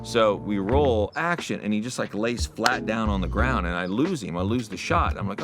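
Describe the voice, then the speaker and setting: A man who works as a casting director, telling stories in an interview in an animated way that acts out the people involved. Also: lowish voice, fairly quick. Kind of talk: interview storytelling. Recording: music playing under the speech.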